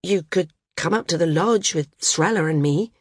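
A woman voicing an earnest young woman flyer who talks in a steady, gently scolding way. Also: mid-range voice, moderate pace, dry recording, clean studio sound, close to an everyday voice.

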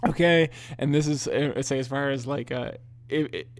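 A man's voice: mid-range voice, moderate pace, no room sound. A young man hosting a podcast, telling a story casually, often laughing and swearing as he talks. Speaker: podcast host.

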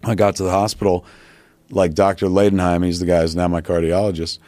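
Casual male storyteller, swears a lot, rambles; low voice, dry close mic. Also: little pitch movement, brisk, warm tone, dry recording. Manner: profane, rambling anecdote with acted-out quotes. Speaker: podcast guest.

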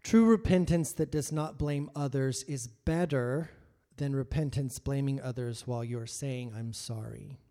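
A man preaching a sermon, acting out biblical figures in his own voice and moving between hushed asides and loud, emphatic lines. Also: medium pitch, a little slow, hardly any pauses. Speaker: pastor.

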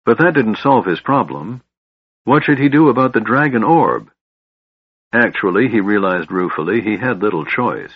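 Man, steady audiobook narration, low husky voice, dry dull lo-fi sound. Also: moderate pace, no room sound. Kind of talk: scripted fantasy narration.

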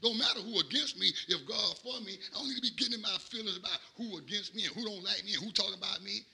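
A middle-aged pastor preaches a sermon in a rhythmic cadence, swinging from quiet asides up to shouted peaks. His voice is high-pitched, gravelly and slightly rough, and he speaks at a quick pace.

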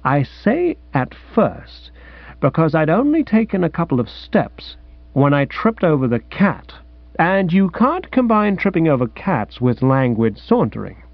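A man narrating a comic audiobook with a lively, mock-grand storytelling manner. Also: a little high, moderate pace, dry recording. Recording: dry, dull lo-fi recording.

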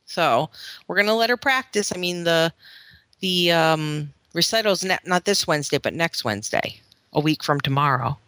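A woman's voice: deep voice, animated, normal speed, a bit bright, no room sound. A woman in her thirties, a mother, chatting casually on a podcast and often laughing as she tells stories about her kids. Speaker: podcast host; mother of children in therapy. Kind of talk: casual chat.

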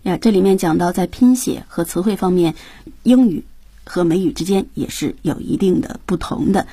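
A woman's voice: fairly low pitch, normal speed, dark tone, slightly rough, no room sound. A woman co-hosting a radio English lesson, summarizing points and guiding the talk. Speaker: radio co-host.

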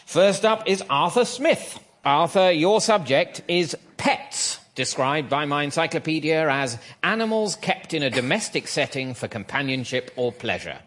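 A man's voice: fairly high pitch, lively intonation, a little slow, few pauses, a bit bright. A man hosting a radio panel game, with a dry, wry delivery and frequent chuckles. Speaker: quiz show host.

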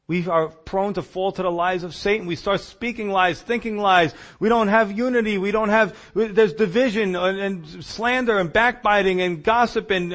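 High-voiced man preaching a sermon. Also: a bit bright. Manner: impassioned preaching with scripture reading. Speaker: pastor.

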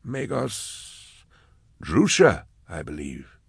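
A mysterious wanderer who speaks softly and slowly, floating up into a higher, lilting register, as a male narrator puts him on. The reading is close and dry, like an audiobook. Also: wildly swooping pitch, creaky, slightly rough, no room sound, exaggerated voice. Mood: genial.

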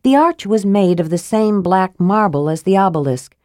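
A woman narrating a fantasy audiobook in a measured, even way. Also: mid-range voice, no room sound, studio quality.

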